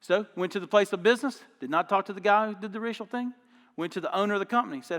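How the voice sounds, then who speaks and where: A man's voice: sits high, rapid-fire, fairly bright tone, long reverb tail. A man preaching a sermon as pastor, telling stories in an emphatic, folksy, conversational way. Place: church auditorium.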